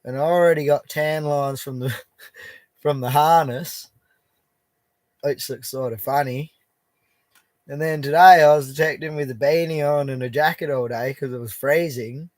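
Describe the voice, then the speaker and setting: Laid-back Australian man, slightly high voice. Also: steady tone, moderate pace, pauses often, no echo. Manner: laid-back, chatty, laughs easily. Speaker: prospecting livestreamer. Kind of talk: casual live-stream chat reading viewer comments. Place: outdoor bush camp.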